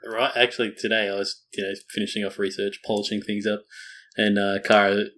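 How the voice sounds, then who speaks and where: A man's voice: fairly low pitch, little pitch movement, brisk, fairly bright tone. A man co-hosting a casual podcast, rambling and teasing with plenty of fillers. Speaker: podcast co-host. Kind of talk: casual chat.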